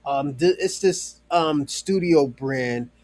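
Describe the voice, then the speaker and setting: This slow-talking man has a somewhat high, slightly mellow voice, captured in a dry recording. He's live streaming in a loose, rambling way, full of fillers and false starts, cursing openly and addressing a chat viewer directly.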